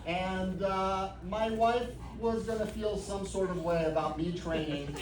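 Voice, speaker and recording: A man's voice: high voice, steady tone, a little slow. A man giving a humorous acceptance speech at a jiu-jitsu academy, telling a story with comic timing. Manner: anecdotal, comic timing, grows sincere. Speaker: black belt receiving promotion giving speech. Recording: echoey room, far from mic, noisy crowd.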